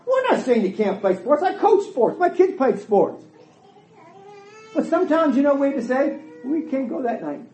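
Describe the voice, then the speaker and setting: A man's voice: extremely high pitch, very animated, normal speed, a little mellow. A middle-aged man preaching a sermon in a church hall, emphatic and folksy, voicing quoted dialogue as he goes. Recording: echoey hall.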